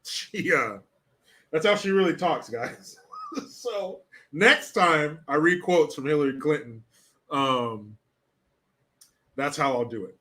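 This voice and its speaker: A man's voice: fairly high pitch, animated, slow, pauses often, sharp tone. A man hosting a casual political commentary livestream, sarcastic and blunt, swearing freely.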